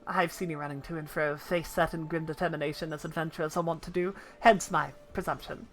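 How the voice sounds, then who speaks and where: A woman's voice: deep voice, steady tone, fairly quick, a little hiss or hum. A woman reading the lines of a courteous, well-spoken game townsperson with formal, elaborate phrasing. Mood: polite.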